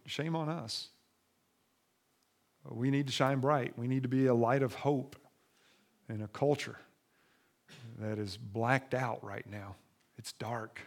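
A man preaching a sermon as pastor, moving from soft, low asides to loud, lively scripture reading.

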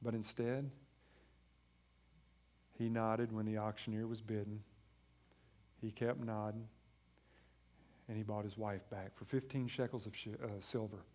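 A man in his thirties preaching a sermon, moving from quiet, low passages to loud, emphatic ones and acting out family dialogue. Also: little pitch movement, measured pace, long pauses. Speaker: pastor.

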